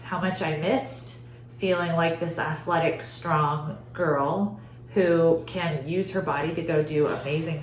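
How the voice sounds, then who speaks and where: A woman hosting a podcast, telling a personal story in an earnest, heartfelt way, often saying "like". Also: on the low side. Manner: earnest, heartfelt, frequent "like" fillers. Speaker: podcast host. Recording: roomy echo with faint hum.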